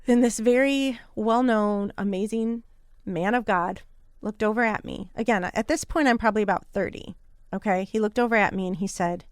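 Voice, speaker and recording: A candid woman in her thirties tells her own story with earnest feeling, her pitch sitting in an ordinary middle range. The sound is dry and close, with no room around her voice. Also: normal speed, clear, resonant tone, no room sound. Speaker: podcast host. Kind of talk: personal storytelling.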